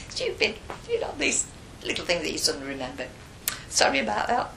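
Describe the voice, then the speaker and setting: Older lady telling old school stories, low voice but swings all over, bright tone, echoey room. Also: fast talker, vocal fry, slight background noise. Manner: lively, chatty, animated retelling. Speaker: interviewee. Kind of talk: oral history storytelling.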